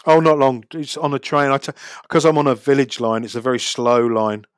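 A man's voice: medium pitch, flat delivery, fairly quick, smooth, no room sound, studio quality. A man, talking casually about street photography and city life, chatty with frequent restarts. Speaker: street photographer, podcast guest. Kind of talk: casual chat.

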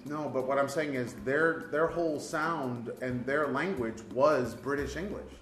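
A man co-hosting a casual chat, argumentative and animated, his voice jumping up when he insists on a point. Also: medium pitch, measured pace, echoey room, music in the background. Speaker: podcast co-host.

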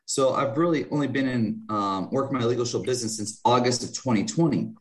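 A young man speaks politely and earnestly despite being exhausted. He is on a video call from a plain barracks room, and his voice sits at an ordinary male pitch. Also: brisk. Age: young adult. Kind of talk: asking a question on a video call.

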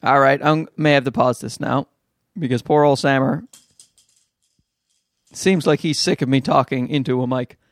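A young adult man hosting a casual solo podcast at home, rambling and joking with animated asides, holding the mic close. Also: mid-range voice, normal speed, pauses often, dry recording. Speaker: podcast host. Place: at home with a baby. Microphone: handheld mic held close.

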